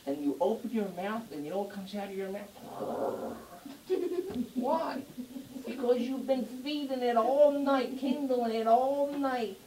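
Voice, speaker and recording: Preacher, animated and jokey, builds to loud emphasis; roomy church echo, mic set back, faint hiss. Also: mid-range voice, recorded from a distance. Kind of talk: sermon. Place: church before a congregation.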